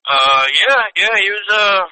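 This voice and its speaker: A man's voice: sits high, animated, measured pace, bright, forceful tone, smooth, no echo. A man co-hosting a podcast over a phone call, teasing his friend in a dry, mock-serious way. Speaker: podcast co-host. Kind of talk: casual phone call chat.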